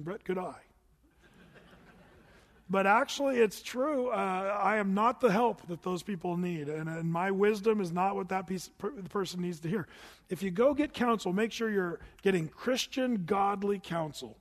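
A middle-aged man preaching a sermon in an animated, conversational way with touches of humor. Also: sits high, long reverb tail. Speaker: pastor.

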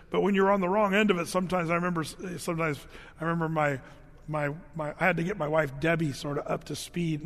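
High-voiced man preaching casually in a hall. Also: fairly bright tone. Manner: casual, conversational, humorous storytelling; frequent fillers and restarts. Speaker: pastor. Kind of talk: sermon.

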